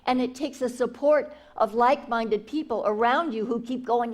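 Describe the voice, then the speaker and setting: A woman's voice: on the high side, moderate pace. A woman spiritual teacher giving an enthusiastic inspirational talk, repeating herself and restarting phrases often.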